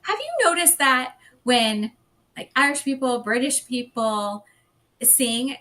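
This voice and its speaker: A woman appearing as a podcast guest in casual chat, chiming in with quick agreement. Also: high voice, big pitch swings, sharp tone. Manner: quick agreeing interjections, laughing along.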